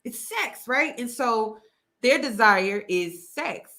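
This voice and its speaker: Bright-voiced woman hosting an emphatic commentary. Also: on the high side, expressive, takes it slowly. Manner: emphatic, repeats key phrases. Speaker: host. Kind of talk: casual commentary to camera.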